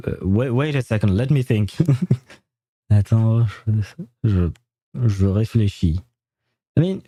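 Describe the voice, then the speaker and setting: A man's voice: on the low side, dark tone, dry recording. A man whose first language is French, chatting in a rambling way as a game streamer on a livestream and laughing often. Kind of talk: casual livestream chat.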